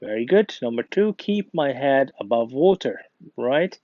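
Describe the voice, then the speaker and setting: A man's voice: mid-range voice, sing-song, a little slow, dry recording. A male English teacher with an Egyptian accent, patiently going through grammar exercises and praising the class. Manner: patient, encouraging, reads exercises aloud. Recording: dull lo-fi dry recording.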